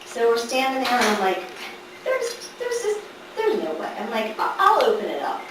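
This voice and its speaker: A middle-aged woman telling a family story to a live audience, animated and laughing through the funny parts. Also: a little high, fast talker. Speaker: daughter telling a story at a gathering. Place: large echoey room at a family gathering. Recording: echoey room, far from the mic, background noise.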